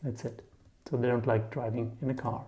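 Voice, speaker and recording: Relaxed, mellow-voiced man teaching vocabulary. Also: mid-range voice, moderate pace. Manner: chatty, explains with mnemonics and asks "yeah?". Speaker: German teacher. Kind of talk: relaxed language lesson.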